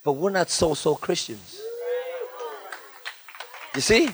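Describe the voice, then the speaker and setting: A middle-aged male pastor, preaching a lively sermon with humor, chanted repetition and sudden shifts between loud high bursts and soft low asides. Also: normal speed. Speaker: guest pastor. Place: church.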